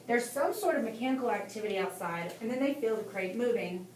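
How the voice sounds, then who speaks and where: Brief: female audiobook narrator, steady dramatic reading, echoey room. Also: on the high side, quick pace, hardly any pauses. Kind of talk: scripted narration. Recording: echoey room, distant mic, faint hiss.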